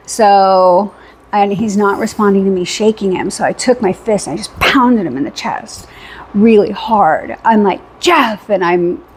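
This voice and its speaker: A woman's voice: mid-range voice, slight background noise. A woman vlogger casually recapping her weekend, chatty and rambling with fillers, acting out what was said. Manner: animated retelling with quoted dialogue.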